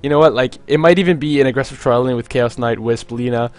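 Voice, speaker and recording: A man's voice: medium pitch, fast. Rambling young male game caster. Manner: rambling, jokey, lots of "like" fillers. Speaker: esports caster. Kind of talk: solo play-by-play commentary.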